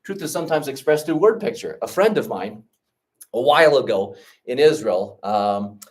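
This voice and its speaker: A man giving an orientation lesson through stories, animated and conversational. He keeps checking in with his listeners as he goes. His pitch moves widely through each sentence. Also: normal speed, recorded from a distance. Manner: animated, checks in often with 'okay?' and 'right?'. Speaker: trip leader and teacher. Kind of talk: orientation talk with storytelling.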